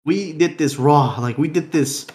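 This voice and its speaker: A young man talks a little higher than most men, rambling through a loose podcast chat in slang. He laughs easily and swears freely. His voice rings in a roomy, echoey space. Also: unhurried, a little mellow. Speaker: podcast co-host. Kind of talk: casual unplanned podcast chat.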